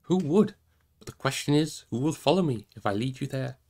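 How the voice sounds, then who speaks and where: A man reading aloud voices an old male wizard, solemn and commanding, in measured tones. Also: medium pitch, lively intonation, darkish tone. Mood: grave. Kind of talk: audiobook reading.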